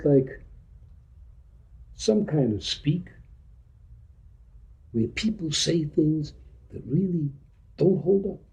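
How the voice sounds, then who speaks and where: A man's voice: fairly high pitch, dark tone. A man giving an informal teaching talk to a group in a meeting room, blunt and full of street slang, acting out little dialogues. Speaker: spiritual teacher.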